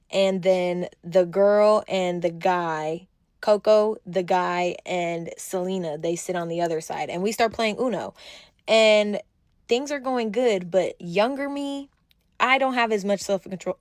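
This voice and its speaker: A young woman telling a storytime monologue in a blunt, animated way, acting out quotes. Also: mid-range voice, no echo, clean studio sound.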